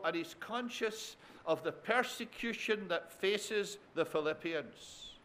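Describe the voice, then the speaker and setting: A male preacher delivering a sermon in a high voice, taking his time over every phrase. He builds his points by repeating phrases and turns to the congregation with tag questions. He addresses them warmly as his dear friends. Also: slow pace, slight background noise.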